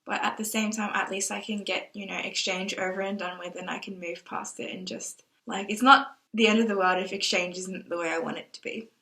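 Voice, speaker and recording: A woman's voice: mid-range voice, fairly even intonation, a little fast, hardly any pauses, pushed and bright, poor audio. A young woman vlogging to camera, anxious and rambling as she thinks aloud, tearful at times. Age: young adult. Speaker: exchange student vlogger. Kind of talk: casual vlog talk to camera.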